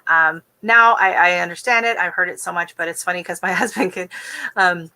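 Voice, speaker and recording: A woman's voice: lowish voice, fairly quick, bright, forceful tone. A tired woman hosting a gardening live stream, chatting in a rambling, casual way. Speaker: gardening channel host.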